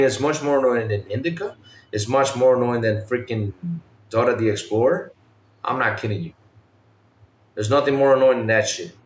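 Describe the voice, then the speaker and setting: A man hosting a casual gaming podcast, animated, imitating game sounds and swearing casually. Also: medium pitch, reverberant. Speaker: podcast host.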